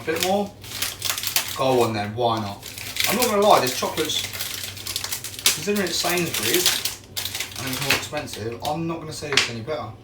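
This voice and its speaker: A young man chatting casually on a livestream while he bakes, rambling and slangy, poking fun at himself. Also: medium pitch. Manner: rambling, slangy, self-mocking. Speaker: streamer baking on camera. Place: home kitchen. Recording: roomy, distant, clattering kitchen noise.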